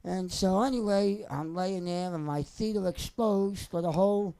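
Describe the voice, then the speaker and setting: A man's voice: sits high, moderate pace, vocal fry, mellow, clean tone, poor audio. Wry rambling man. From New Jersey. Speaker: singer telling personal stories. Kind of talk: casual off-the-cuff storytelling.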